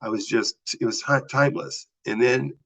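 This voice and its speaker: A man from the US Southwest tells a personal story as a podcast guest, animatedly acting out the voices of the people involved. His mid-range voice is husky with vocal fry and moves at normal speed. The lo-fi audio sounds slightly dull.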